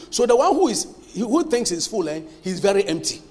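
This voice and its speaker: A male pastor preaches with a strikingly high voice. He drives his points home emphatically, quizzing the congregation to complete his sentences. The sound rings with the long reverb of a church hall. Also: sing-song, fairly quick, few pauses, darkish tone. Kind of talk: sermon.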